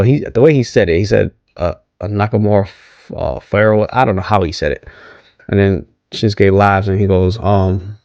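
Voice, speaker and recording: A man's voice: fairly low pitch, creaky, dark tone, no echo, highs cut off. A man casually recapping a wrestling show, rambling with many ums, restarts and questions to viewers. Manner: rambling, hesitant, many ums and self-corrections; asks viewers to comment.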